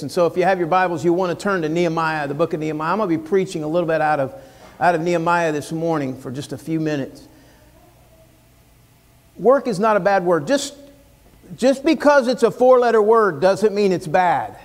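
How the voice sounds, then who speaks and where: An American man preaching a sermon from the pulpit in an earnest, folksy manner, sometimes slowing into drawn-out, emphatic lines. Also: fairly high pitch. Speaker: pastor. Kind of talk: sermon with a read-aloud poem. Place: church sanctuary, speaking from the pulpit. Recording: long church reverb.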